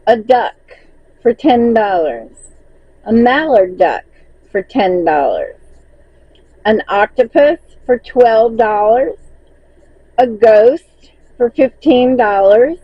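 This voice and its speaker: A Southern woman talks slowly through a casual vlog recap, reading off her sales and laughing along the way. Her voice is husky and a little high. The sound is dry and dull, like a lo-fi home recording. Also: no echo. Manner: reads sales list, laughs often, chatty storytelling. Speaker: crochet seller recapping market sales.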